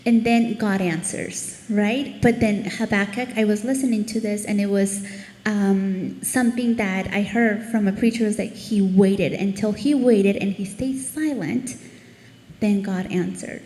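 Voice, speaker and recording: A woman giving an earnest devotional Bible teaching, growing animated as she reads scripture aloud. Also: medium pitch, unhurried. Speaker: ministry speaker. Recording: echoey room with long reverb.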